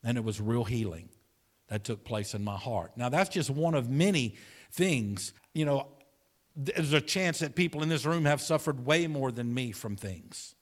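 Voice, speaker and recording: A man who is a pastor, preaching a sermon in church, telling a personal story earnestly, with repeated words and soft, tender passages. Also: medium pitch, expressive, moderate pace. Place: church sanctuary.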